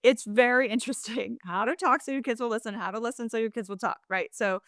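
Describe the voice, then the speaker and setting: Animated woman chatting on a podcast. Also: a little high, fast, no echo, clean studio sound. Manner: animated, acts out quoted phrases in shifting voices; talkative, frequent restarts and asides. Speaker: podcast co-host. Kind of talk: casual chat.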